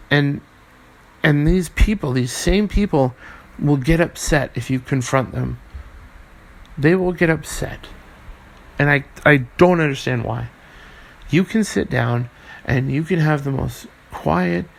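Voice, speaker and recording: A young man hosting his own podcast, talking earnestly and haltingly with many restarts and fillers, swearing now and then. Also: medium pitch, gravelly. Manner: swears casually. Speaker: podcast host. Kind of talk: casual solo podcast monologue.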